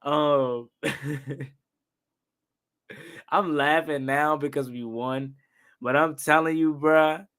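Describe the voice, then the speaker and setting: Man, high voice, young adult, excitable football rant, repeats himself. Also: slow, clear, resonant tone. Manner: excitable, repetitive, rants and questions calls. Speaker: sports talk host. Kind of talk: live-stream football recap.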